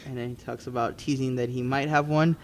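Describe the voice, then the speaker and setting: A man's voice: medium pitch, steady tone, fairly quick, a little hiss or hum. A man co-hosting a podcast, recapping wrestling matches in casual, rambling chat with frequent ums and restarts. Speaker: podcast co-host.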